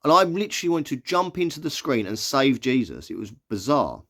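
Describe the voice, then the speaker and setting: A movie vlogger chats casually while reading out film listings, offering a quick opinion on each in a reaction commentary. His lively voice swings up and down in pitch. He stumbles a little reading the text aloud but carries on easily and conversationally.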